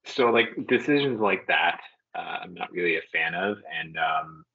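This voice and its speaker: A man's voice: low voice, animated, normal speed, gravelly, husky, phone-quality sound. A man co-hosting a sports podcast in casual chat, hesitant and full of fillers as he weighs his opinions. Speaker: podcast co-host.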